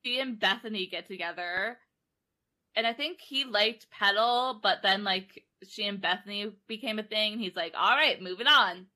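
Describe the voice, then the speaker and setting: A woman's voice: mid-range voice, moderate pace, sharp tone. A young woman casually recapping a book on a podcast, rambling, laughing and acting out characters' lines. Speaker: podcast co-host. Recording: online call recording.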